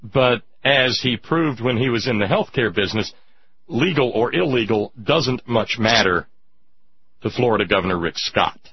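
A man's voice: medium pitch, animated, moderate pace, slight background noise. A man hosting political talk radio, emphatic and sarcastic, chatting with listeners through a dull lo-fi radio recording. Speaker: radio talk show host.

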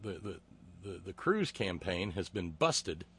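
Male talk host, somewhat low voice, mocking, profane, halting with fillers. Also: big pitch swings, a bit bright, slightly rough. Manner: halting, frequent filler words. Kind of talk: political commentary reading listener comments.

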